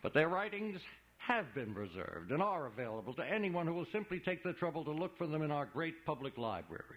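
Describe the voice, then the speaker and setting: A man voicing an excitable male museum guide who talks in theatrical, gushing patter. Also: a little high, a little fast, lo-fi sound, pitched above the performer's own voice. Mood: eager. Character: showy, excitable male museum guide, eager know-it-all.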